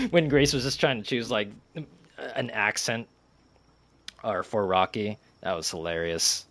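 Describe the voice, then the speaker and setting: A man's voice: on the low side, a little slow, fairly bright tone. A young man streaming a game and chatting casually, rambling with lots of fillers, restarts and giggles.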